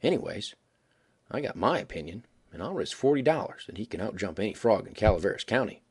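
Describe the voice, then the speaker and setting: A man reading the part of a boastful frontier gambler with a drawling, careless, folksy way of talking and a husky voice. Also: on the low side, big pitch swings, quick pace, darkish tone. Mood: easy careless.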